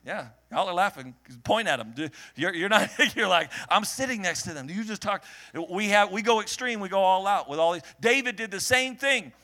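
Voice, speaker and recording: A man preaching a sermon to a congregation, joking with the crowd and swinging from low murmurs to shouted peaks. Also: expressive, moderate pace. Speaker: pastor. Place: church hall before a congregation.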